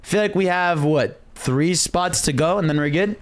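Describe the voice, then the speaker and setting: Streaming a game from his room, a young man with a slightly high voice chats casually at a moderate pace, humming tunes and cheering himself on.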